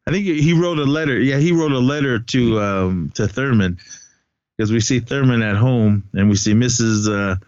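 A man's voice: medium pitch, normal speed, darkish tone, no room sound, muffled recording. A man with a son, chatting casually on a podcast as he retells a movie's plot, rambling, laughing often and acting out the characters' lines. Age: adult, has a son. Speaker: podcast co-host. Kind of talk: casual movie recap chat.

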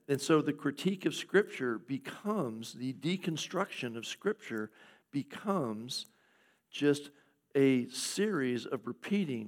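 A man preaching a sermon in a conversational way, with fillers and short laughs, sometimes acting out skeptical questions in a higher voice. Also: expressive, normal speed. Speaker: pastor.

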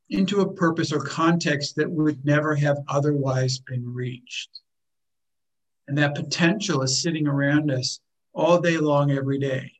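Calm man teaching a workshop. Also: on the high side, poor audio. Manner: calm, explanatory, repeats words while thinking. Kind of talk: teaching a group, with acted example lines.

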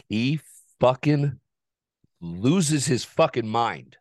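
A man hosting a podcast, telling a story in a casual, profane, animated way and laughing often. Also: mid-range voice, takes it slowly, no room sound, clean studio sound. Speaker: podcast host.

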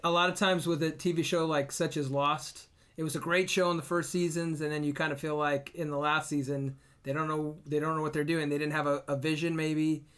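A man's voice: on the high side, flat delivery, fairly quick, few pauses, a bit bright, clean tone. Enthusiastic man in podcast chat. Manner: enthusiastic, emphatic praise. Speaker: podcast co-host. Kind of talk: casual chat.

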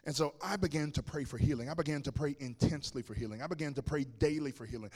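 A man's voice: fairly high pitch, fast talker, few pauses, a little mellow. A man preaching a sermon as pastor, telling a personal story with humor and speaking directly to the congregation. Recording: long reverb of a large hall.

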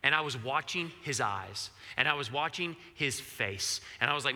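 A man preaching a sermon in a conversational, animated way, acting out the questions he quotes. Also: fairly high pitch, normal speed, few pauses, long reverb tail. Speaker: pastor.

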